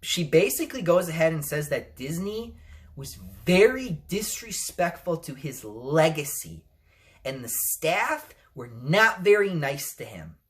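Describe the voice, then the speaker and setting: A man's voice: a little high, sing-song, unhurried, fairly bright tone. Guy ranting on his vlog, cussing, scolding his audience, voice jumping up and down a lot. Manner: heated, profane, scolding viewers. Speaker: vlogger. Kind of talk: ranting commentary to camera.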